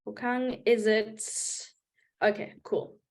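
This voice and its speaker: A woman's voice: on the high side, flat delivery, takes it slowly, darkish tone. A woman teaching a live online maths class, explaining patiently step by step and checking in with her students. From South Africa.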